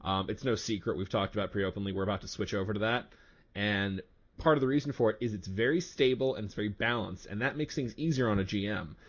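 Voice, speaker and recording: Loud, animated man on a lo-fi podcast. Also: fairly low pitch, quick pace. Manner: loud, animated, laughs often. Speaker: game master and podcast co-host. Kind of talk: casual podcast chat.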